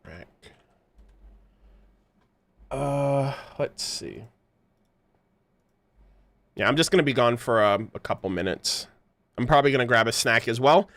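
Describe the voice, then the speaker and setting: A man hosting a casual livestream commentary, excitable and chatty, laughing often and swearing freely as he talks to his viewers. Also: mid-range voice, fast talker, dry recording. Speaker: livestream host reacting to an animated series.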